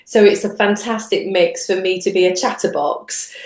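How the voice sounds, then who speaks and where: Lively woman in a roomy echo. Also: normal speed. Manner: animated, acts out quotes with big pitch jumps, frequent restarts. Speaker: guest, singer-songwriter and radio host. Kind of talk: casual interview chat.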